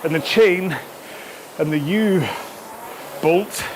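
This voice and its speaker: A man's voice: high voice, slow, noisy background. Breathless man coaching while rowing. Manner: breathy and panting between sprints, chatty. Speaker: rowing workout host. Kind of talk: live follow-along workout chat. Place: home rowing studio. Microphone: throat-worn microphone.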